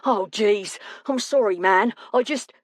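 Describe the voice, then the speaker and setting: A woman voicing a hot-tempered young man who talks in halting, broken-off sentences. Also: mid-range voice, dry recording, studio quality, voice pushed up, close to an everyday voice. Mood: apologetic.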